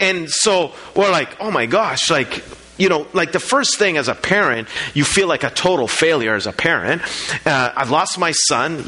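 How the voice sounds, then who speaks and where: A middle-aged man preaching a sermon, telling a personal story in an animated way, with frequent restarts. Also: fairly high pitch. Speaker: pastor.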